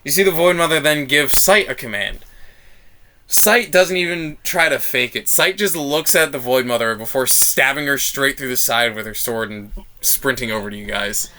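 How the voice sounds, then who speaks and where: A man narrating a tabletop role-playing game as game master, animated and laughing at times. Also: medium pitch, moderate pace.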